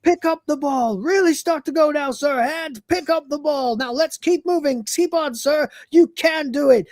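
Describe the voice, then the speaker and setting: A woman's voice: sits high, normal speed, a little mellow, no room sound, clean studio sound, voice pushed up, lightly acted. A woman doing a fussy, polite android servant. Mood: urgent. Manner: earnest coaching that keeps repeating "sir".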